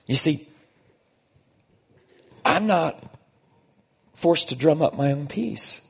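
A man preaching a conversational sermon as a pastor, emphatic and slowing down on key phrases. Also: a little high, very animated, gravelly, breathy edge, big-room sound.

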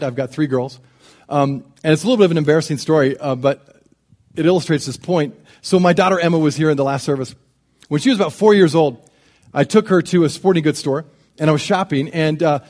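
A middle-aged man preaching a sermon to his congregation, with a slightly raised voice. He tells personal stories with animated delivery, dropping to soft, intimate tones and rising again. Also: a little high. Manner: storytelling, animated, swings from loud to soft and intimate. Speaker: pastor.

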